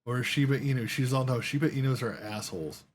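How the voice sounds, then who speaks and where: A man's voice: medium pitch, fast, slight background noise. A man telling a long story while playing a game, rambling along with lots of swearing and quoted voices. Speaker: gaming streamer.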